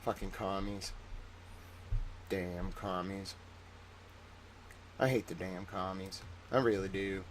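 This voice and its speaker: A man's voice: fairly even intonation, takes it slowly, pauses often, slight background noise. A man putting on a grumbling old commie-hater. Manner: low muttering grumble.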